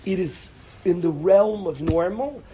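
A man's voice: sits high, a little slow, dark tone, breathy edge. Emphatic man teaching a live class. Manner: emphatic, repeats words and restarts, addresses students directly. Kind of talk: informal Torah lecture to a live class.

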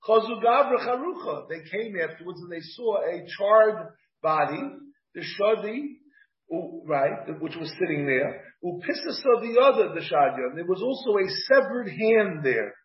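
High-voiced rabbi in an echoey room. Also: male voice, lively intonation, normal speed. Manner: reads text aloud and explains it phrase by phrase. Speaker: rabbi teaching Talmud. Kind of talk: Talmud class. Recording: dull, echoey room from a distant mic.

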